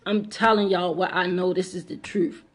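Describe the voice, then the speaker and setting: A woman's voice: on the low side, fairly even intonation, moderate pace. A middle-aged woman telling a personal story to camera in an emphatic way, repeating lines and speaking straight to her audience. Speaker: vlogger.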